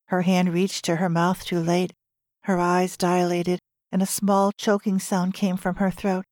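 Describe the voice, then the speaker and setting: A woman narrating a novel in a measured storytelling voice. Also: fairly low pitch, level tone, dark tone, no echo, clean studio sound. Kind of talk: audiobook narration.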